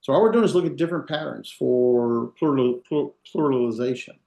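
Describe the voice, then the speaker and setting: A man's voice: medium pitch, a little fast, vocal fry, mellow. A man teaching a language class, explaining step by step with many fillers and checking whether his students follow. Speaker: Hebrew instructor. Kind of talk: classroom lecture. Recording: echoey room.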